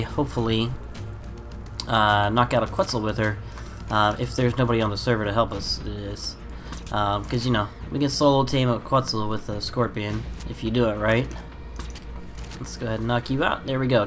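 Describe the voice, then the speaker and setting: A man hosts a relaxed gameplay video in a stuffy, congested voice, as if he has a cold. He talks loosely and rambles, with plenty of ums and uhs between thoughts. His pitch sits in an ordinary middle range. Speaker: gaming channel host. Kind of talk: casual gameplay commentary.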